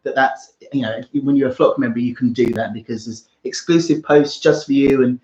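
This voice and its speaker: A man hosting a casual livestream chat from the sofa of his flat, excitable and quick to laugh. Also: medium pitch. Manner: excitable, squealing and laughing often. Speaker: channel host. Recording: roomy, dull livestream audio.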